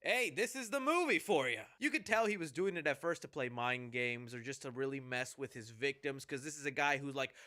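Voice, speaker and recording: A man's voice: medium pitch, fairly quick, few pauses, pushed and bright. A man giving a sarcastic, joking movie review commentary.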